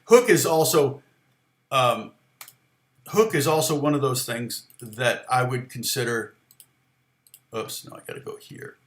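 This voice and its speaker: A man's voice: mid-range voice, unhurried, pauses often, echoey room. A man giving a casual songwriting lesson, rambling with restarts and fillers, now and then half-singing lyric lines to show a point. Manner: sings lyric snippets softly to demonstrate. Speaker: guitar teacher.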